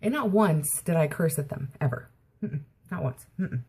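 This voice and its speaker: A woman's voice: sits low, lively intonation, moderate pace, darkish tone, husky. A woman vlogger telling an indignant story-time rant and constantly quoting what she said.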